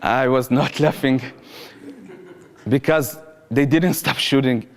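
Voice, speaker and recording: A man's voice: mid-range voice, steady tone, slow. A man tells a personal story in an earnest, vivid way, with slightly phrasing. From Israel. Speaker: public speaker, former soldier. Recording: reverberant hall.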